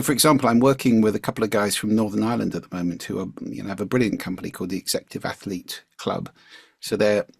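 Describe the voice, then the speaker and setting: A man being interviewed as a communication coach, explaining his points in an articulate, measured way. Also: sits low, gravelly, breathy edge, dry recording, clean studio sound. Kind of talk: interview conversation.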